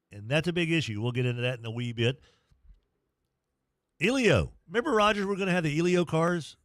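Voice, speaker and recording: A man's voice: on the high side, expressive, brisk, pauses often, a bit bright, no echo, studio quality. A middle-aged man hosting sports talk radio, rambling and joking at his own expense. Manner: rambling, jokey, self-deprecating.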